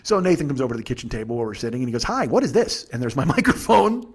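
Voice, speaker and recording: A man in his forties hosting a comedy podcast, telling a rambling, profane, exasperated story in a husky voice. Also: mid-range voice, sing-song, rapid-fire. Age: 40s. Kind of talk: storytelling monologue.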